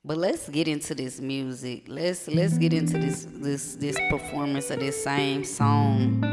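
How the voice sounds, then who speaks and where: A live streamer chatting casually, rambling and slangy with plenty of swearing, stumbling now and then into halting French. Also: medium pitch. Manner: rambling, loose and profane, slangy. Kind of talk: casual chat. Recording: long reverb with music behind.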